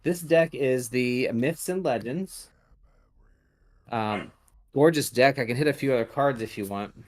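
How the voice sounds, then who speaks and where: A man hosting a podcast, casually showing tarot decks in a rambling, hesitant way with many pauses and fillers. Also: mid-range voice. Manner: rambling, hesitant, lots of ums. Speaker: podcast host reading tarot. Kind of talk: casual chat.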